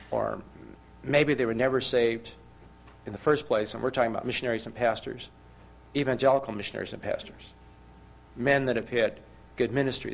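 A man preaching a sermon, telling a story with animated, emphatic rises and frequent restarts. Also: mid-range voice, creaky.

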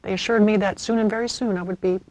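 A woman in her fifties telling her own story in a reflective, measured way, with hesitant pauses. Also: medium pitch, fairly even intonation, rough recording. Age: 50s. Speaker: narrator. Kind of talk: personal testimony narration. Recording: music bed under the voice.

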